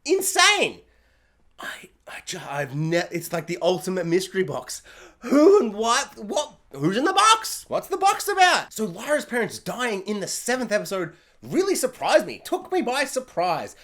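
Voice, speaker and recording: A man casually ranting through a review of a show, jokey and animated, acting out scenes in silly voices. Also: sits high, normal speed. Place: hot room at home.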